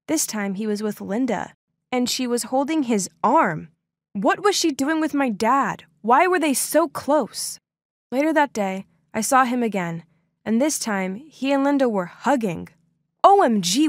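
A young woman telling a first-person story for an animated video, with expressive, dramatic delivery. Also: on the high side, no room sound, clean studio sound. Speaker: narrator.

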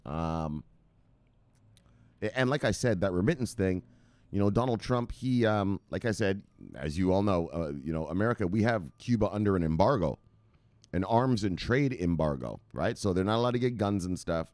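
A man's voice: sits low, expressive, normal speed, a little mellow, dry recording. A man hosting a crypto news show, rambling casually with profanity and hype outbursts.

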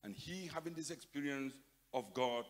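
Older Nigerian-accented pastor preaching in a hall. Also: male voice, medium pitch, animated, moderate pace. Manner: emphatic, repeats phrases, swings from loud to soft. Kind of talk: sermon. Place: large conference hall. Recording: long hall reverb.

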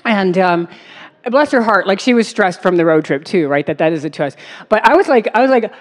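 A woman activist telling a personal road-trip story on a music festival stage, animated, full of fillers and easy laughter. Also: mid-range voice, fairly quick. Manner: animated, many fillers and likes, breaks into laughs. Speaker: activist speaker. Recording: long reverb of a big space.

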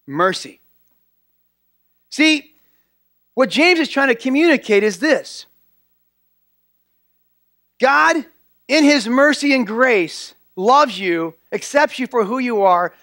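A pastor with a notably high, slightly bright voice preaches a church sermon earnestly, hammering points home by repeating key phrases. The recording is dry and close with little room echo.

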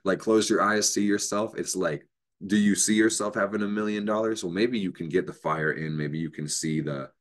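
A man's voice: on the low side, normal speed. A man hosting an astrology show, giving an unscripted motivational talk, emphatic and profane, with bursts of laughter.

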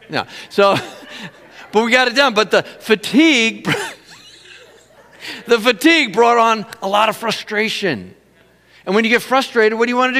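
A middle-aged male pastor delivers a sermon at normal speed in a high, bright, forceful voice. He tells stories with animated energy and laughs easily, and the sound rings with a long hall reverb.

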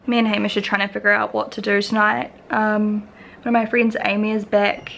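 A woman's voice: medium pitch, a little slow, gravelly. A young woman from New Zealand with a New Zealand accent, chatting casually and rambling in a tired way while vlogging at home. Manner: chatty, rambling, laughs often. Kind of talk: casual vlog chat. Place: home bedroom, indoors.

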